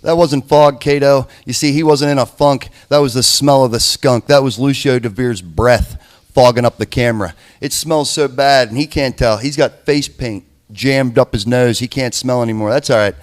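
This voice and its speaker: A man's voice: medium pitch, normal speed. A man cutting a wrestling promo full of folksy, rhyming insults, calling his rival "buddy". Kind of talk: trash-talking wrestling promo.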